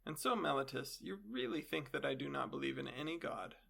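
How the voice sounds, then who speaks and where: Give me a man playing an elderly philosopher on trial, probing and dryly ironic, with a gravelly voice. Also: mid-range voice, animated, a little fast, bright, forceful tone, full character voice.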